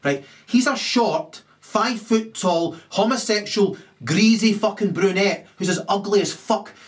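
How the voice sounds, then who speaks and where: A man's voice: high voice, a little slow. A man in a rambling, ranting monologue, constantly tagging his points with questions. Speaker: commentator.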